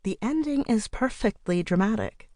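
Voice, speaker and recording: A woman voicing a practical woman who runs a book club in an audiobook, speaking briskly and gently firmly. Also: mid-range voice, animated, dry recording, studio quality, pitched above the performer's own voice, lightly acted. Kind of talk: audiobook character reading.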